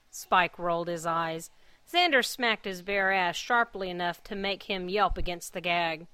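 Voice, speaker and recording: A woman hosting a podcast, reading a story aloud in an earnest, measured way. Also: medium pitch, bright, forceful tone, clear, resonant tone, dry recording. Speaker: podcast host and fanfic reader.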